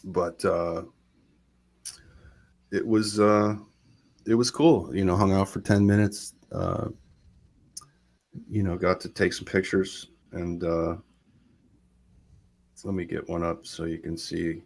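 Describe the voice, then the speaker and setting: A man with a very low, gravelly voice recounts a personal story in a loose, rambling way. He keeps stopping to act out what other people said, and his sentences pile up with false starts as he goes. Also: takes it slowly, pauses often. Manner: rambling, animated retelling with quoted voices. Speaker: guest storyteller. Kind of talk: casual storytelling on a live show.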